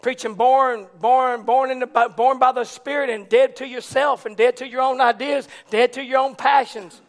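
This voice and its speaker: High-voiced fervent Pentecostal preacher man. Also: steady tone, moderate pace. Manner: fervent, builds from low conversational talk to shouted preaching. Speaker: pastor. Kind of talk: Pentecostal sermon.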